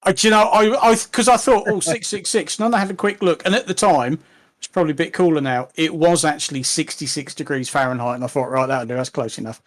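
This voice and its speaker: A man's voice: on the high side, fast talker, dry recording. A man, co-hosting a casual live chat with dry, joking banter.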